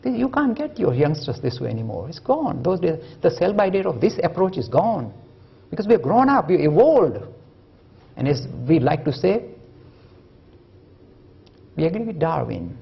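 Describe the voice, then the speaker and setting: A male lecturer giving a public lecture, telling stories and jokes in an animated way and acting out the quotes. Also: fairly high pitch, moderate pace, gravelly, long pauses, breathy edge, dull audio. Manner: animated, joking, acts out quotes. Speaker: lecturer on religion and science. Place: lecture hall at a university.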